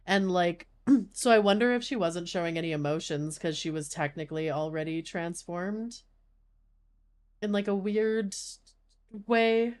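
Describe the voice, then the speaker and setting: A woman's voice: lowish voice, measured pace, darkish tone. A woman chatting casually as she streams a game, rambling with lots of filler words.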